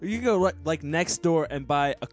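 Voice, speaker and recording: A man co-hosting a casual comedy podcast, rambling through stories, getting loud and cursing. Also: a little high, a little fast, faint music behind. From United States. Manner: animated, swears, rambling storyteller. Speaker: podcast co-host.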